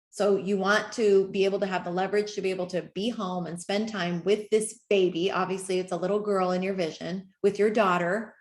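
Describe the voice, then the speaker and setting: A middle-aged woman coaching her team in an earnest, emotional, encouraging way. Her voice sits at an ordinary pitch for a woman. The sound is roomy, with a clear echo around her. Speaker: network marketing team leader. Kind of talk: motivational training talk.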